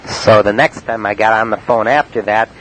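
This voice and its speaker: Male monologue; deadpan recounting, frequent fillers, slightly low voice. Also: slight background noise, low-quality recording. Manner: halting, full of uh and um. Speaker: storyteller recounting his prank calls. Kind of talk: spoken-word cassette monologue.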